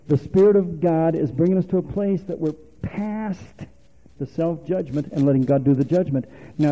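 A man's voice: on the high side, mellow, poor audio. A male preacher giving a folksy, conversational sermon, quizzing the congregation and chuckling often.

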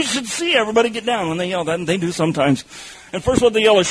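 A man preaching a sermon, telling animated stories with shouted bursts and laughter, his voice husky. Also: extremely high pitch, fast talker, low-quality recording.

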